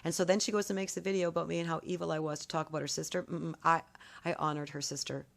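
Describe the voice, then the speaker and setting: A woman's voice: low-pitched, level tone, fast talker, creaky. A woman in a casual vlog, telling a long story in an emphatic, accusatory way, often repeating her points. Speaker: vlogger.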